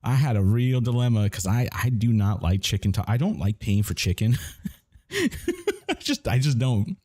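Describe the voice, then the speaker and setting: A man's voice: mid-range voice, expressive, moderate pace, dark tone, dry recording. A man telling a rambling, profane story in casual chat while gaming, with many restarts. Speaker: gamer chatting on stream.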